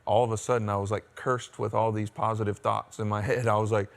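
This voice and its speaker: A man's voice: lowish voice, level tone, brisk, vocal fry. An American man in a band, telling his story in a rambling, open way during a casual interview. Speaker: band member.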